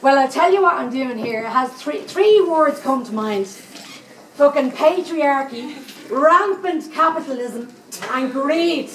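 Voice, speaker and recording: A salty seventy-eight-year-old Dublin psychic, played by a woman on stage, rattles on in a broad Dublin accent and swears at every turn. Her voice sits a little high. It comes across from far off the mic in an echoey live room, with faint venue ambience underneath. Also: lively intonation, normal speed, hardly any pauses, slight background noise. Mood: cheeky. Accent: Dublin Irish. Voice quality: salty, swearing constantly, chatty asides. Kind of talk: live stage comedy monologue.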